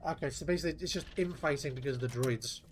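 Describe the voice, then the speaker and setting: Offhand, profane gamer. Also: male voice, fairly high pitch, quick pace, a little hiss or hum. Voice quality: offhand, profane, muttering to himself. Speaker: gameplay streamer. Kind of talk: casual gameplay commentary.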